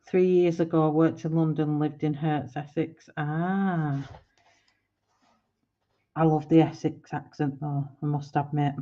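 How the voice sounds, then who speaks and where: A woman's voice: low-pitched, steady tone, unhurried, warm tone, muffled recording. A woman in her forties chatting casually on a live stream while she colours, rambling and laughing often. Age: 40s. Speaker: art livestreamer.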